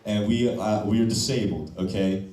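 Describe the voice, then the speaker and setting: On a comedy club stage, a young man performs open-mic stand-up at a moderate pace, his low, dark voice delivering loose, punchy lines that often end with "okay?". The mic is distant and the room echoey.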